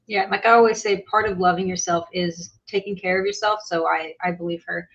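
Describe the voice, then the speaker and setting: A woman host talks in a relaxed, conversational way. She makes her points bluntly and without fuss. The audio is a little dull and lo-fi. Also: lowish voice, fairly quick. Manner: blunt, matter-of-fact commentary. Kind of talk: casual reaction chat.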